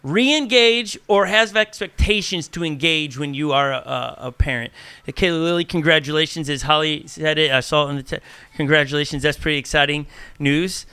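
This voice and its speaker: A man, a pastor hosting a casual church podcast, talking in an animated way, acting out little dialogues and often restarting his sentences. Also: on the high side, moderate pace, clean tone, no echo. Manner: animated, acts out quoted dialogue, frequent restarts. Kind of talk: casual chat.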